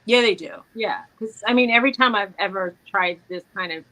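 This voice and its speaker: A woman's voice: mid-range voice, fairly quick, poor audio. Chatty middle-aged New York woman. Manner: chatty, laughs often, animated storytelling. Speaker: co-host. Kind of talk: casual chat.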